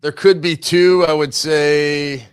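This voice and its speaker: A man's voice: on the high side, steady tone, slow pace, clean tone, no room sound, studio quality. Laid-back man in casual chat.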